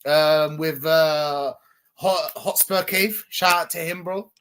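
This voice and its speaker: A man's voice: a little high, fairly even intonation, slow, fairly bright tone, smooth. A man hosting a casual live stream, often saying that things are madness. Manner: repeats "that's madness, bro". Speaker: Arsenal fan streamer, host.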